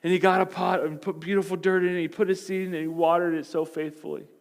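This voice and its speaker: Pastor guy preaching, storytelling, goes soft and quiet for emphasis. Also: high voice, little pitch movement, fast, creaky. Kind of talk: sermon.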